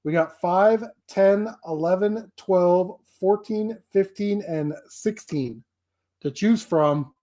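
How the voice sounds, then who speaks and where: A man's voice: high voice, slow, warm tone. A man hosting a casual live stream, rambling and laughing often. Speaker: streamer host.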